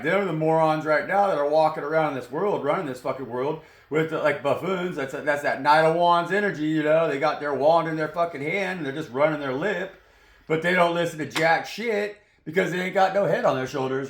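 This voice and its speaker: A man giving a rambling, profane spiritual monologue as a tarot reader, preachy in tone. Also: fairly high pitch. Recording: roomy echoey sound.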